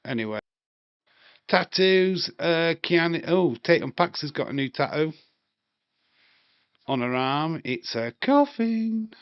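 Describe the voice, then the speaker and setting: A man's voice: on the high side, unhurried, long pauses, clear, resonant tone, dry recording. A man chatting casually and rambling on a live wrestling watch-along stream, swearing now and then. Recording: dry, slightly dull home mic.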